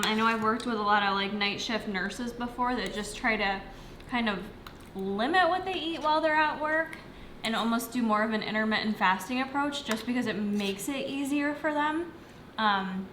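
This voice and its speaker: A woman's voice: fairly high pitch, noisy background. A young woman fitness coach chatting casually on a livestream from home, answering viewer questions with lots of fillers while she eats. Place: home, near the kitchen. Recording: echoey room.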